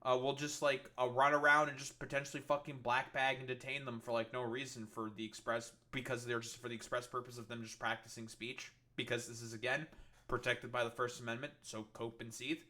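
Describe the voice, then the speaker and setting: Bright-voiced man in a sarcastic rant. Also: medium pitch, level tone, fairly quick. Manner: heavy swearing, sarcastic and scornful; filler-heavy, restarts often. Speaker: political commentator reacting to news video. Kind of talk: ranting stream commentary.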